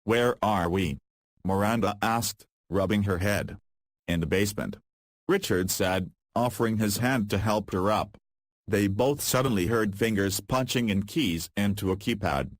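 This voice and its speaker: A man reading a fan-fiction story aloud in a flat, deadpan manner. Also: fairly low pitch, moderate pace, no echo.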